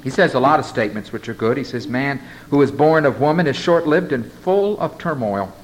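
A man preaching a sermon and reading scripture aloud, moving between loud emphasis and hushed tones. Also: mid-range voice, lively intonation, fairly quick, poor audio. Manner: reads scripture aloud and asks the congregation to turn to a passage. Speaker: pastor.

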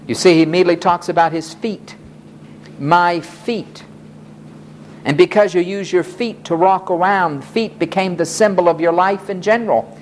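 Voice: mid-range voice, moderate pace, slight background noise. A preacher giving a sermon, emphatic and dramatic in delivery.

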